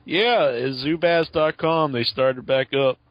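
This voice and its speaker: A man's voice: mid-range voice, takes it slowly, no echo. A man hosting a wrestling talk radio show, casual and crude, joking and laughing often. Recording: dull lo-fi sound, dry.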